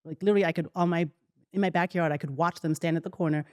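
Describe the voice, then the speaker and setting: A woman's voice: fairly low pitch, racing, no echo. A woman in her forties, a podcast guest, talking casually and acting out quotes as she tells stories. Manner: animated storyteller, acts out quotes. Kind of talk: casual conversation.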